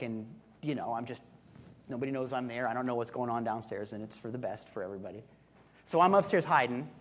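A male pastor giving a conversational sermon, telling a story with relaxed humor and asides. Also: on the high side.

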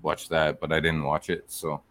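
A man's voice: extremely low pitch, monotone, moderate pace, a bit bright, no echo. A man chatting casually about movies, rambling with lots of fillers.

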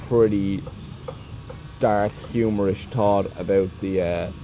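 In this podcast clip, the fairly low-voiced host sits at a sheltered outdoor café spot in the rain, ranting casually. He curses freely, complains, and tells stories animatedly, with loud traffic and construction noise all around.

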